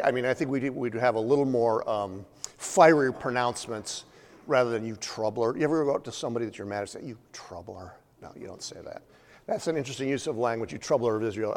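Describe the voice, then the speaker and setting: A man's voice: medium pitch, a little mellow. A man preaching a sermon, retelling a story in a conversational way with many fillers and humorous asides. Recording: long hall reverb.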